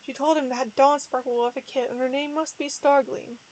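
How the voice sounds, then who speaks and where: A woman's voice: sits high, fairly even intonation, a little fast, a little mellow, rough recording. A woman giving a casual, amused dramatic reading of a parody story, retelling it plainly with small stumbles along the way. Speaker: reader of a fan story.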